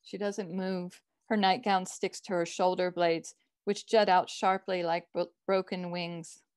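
A woman author giving a measured reading of her own short fiction. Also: lowish voice, flat delivery, a little mellow, clear, resonant tone, no room sound, studio quality.

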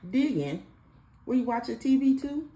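A mother who hosts a vlog banters with her son one morning at home, playful and sing-song. Her high-sitting voice is very animated yet dark in tone, at normal speed; the phone audio has room echo and faint background noise.

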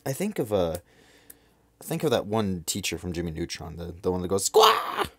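A man's voice: low-pitched, big pitch swings, creaky, a little mellow, dry recording. A man casually playing through a visual novel, reading its lines aloud and chatting between them. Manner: chatty, quick asides, reads dialogue aloud. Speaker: let's play gamer.

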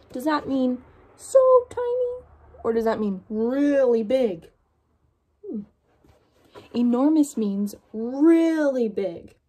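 A young woman with a high, husky voice reads a picture book aloud to children. She tells the story in an animated way and asks her young listeners questions.

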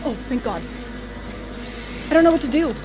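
Young woman playing a horror game, high voice, jumpy and cussing, game music clear behind her. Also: lively intonation, moderate pace. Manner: jumpy, exclaiming and swearing at the game. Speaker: gaming streamer. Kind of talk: horror game let's play commentary.

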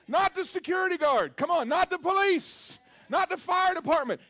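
A man preaches a sermon to a live congregation. His voice sits very high, and he delivers his points emphatically, calling on the congregation to answer back. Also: lively intonation, a little slow, vocal fry, fairly bright tone. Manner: emphatic, call-and-response preaching. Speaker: pastor. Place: church service.

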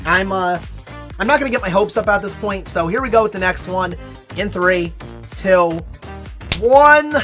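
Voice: mid-range voice, animated, normal speed, pauses often, fairly bright tone, soft background music. A mobile game YouTuber opening card packs, counting down before each one and playfully overdramatic about bad luck. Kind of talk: casual game pack-opening commentary.

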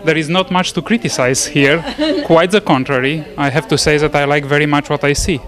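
A man with a fairly high voice answers a host's questions at a gallery opening. He speaks in a measured, polite, thoughtful way. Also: steady tone, a bit bright. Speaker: guest at an exhibition. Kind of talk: casual interview.

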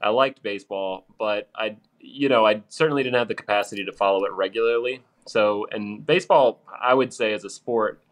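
This podcast guest is an Arkansas man in his thirties whose accent carries a vague mid-Atlantic flavor. Speaking on the low side, he talks briskly with few pauses, rambling casually through asides and scattering "you know" and "like" throughout.

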